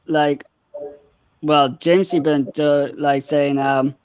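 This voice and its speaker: A young man in his twenties with a Welsh accent calling into a live show, talking in a hesitant, halting way. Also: on the high side, steady tone, clean tone, no echo. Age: 20s. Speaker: caller. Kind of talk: casual call-in chat. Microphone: home mic over a call. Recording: dull lo-fi call audio.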